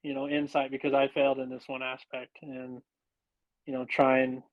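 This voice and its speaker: A man hosting a podcast, speaking in an encouraging, halting way full of "you know"s. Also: medium pitch, completely flat delivery. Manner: encouraging, halting, filler-heavy. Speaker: podcast host. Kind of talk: casual podcast chat. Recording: dull lo-fi recording.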